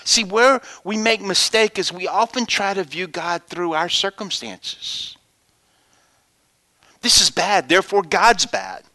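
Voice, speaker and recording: A male pastor preaching a sermon, telling stories of the people he ministers to and dropping to whispers before rising to loud, high exclamations. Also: slow, no echo.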